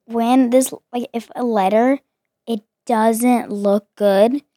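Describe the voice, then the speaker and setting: A woman's voice: a little high, steady tone, slow, mellow, no room sound, clean studio sound. A young woman, a daughter co-hosting a family chat, talking animatedly and hesitantly with many fillers. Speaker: co-host, daughter.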